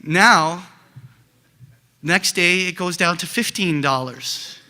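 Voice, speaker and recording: A middle-aged man teaching options trading, telling animated stories with many fillers and restarts. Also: high-pitched, takes it slowly. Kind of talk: lecture with acted examples.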